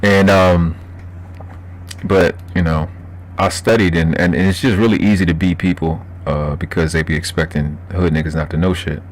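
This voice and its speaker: Low-pitched and steady at a normal speed, a Baltimore man with a matching accent keeps up loose, profane chatter on his livestream. He laughs a lot and reads viewers' chat out loud while replying.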